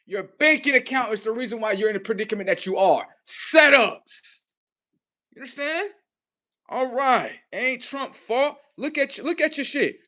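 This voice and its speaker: Man ranting loudly on a livestream. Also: expressive, moderate pace. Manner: swings between loud high outbursts and low muttering; heavy swearing, mocking, talks at the audience. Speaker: livestream host. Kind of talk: profane livestream rant.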